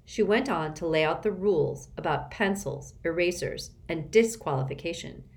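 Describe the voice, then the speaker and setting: A woman's voice: lowish voice, normal speed. A woman reading a children's novel aloud as an audiobook narrator. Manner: expressive storytelling.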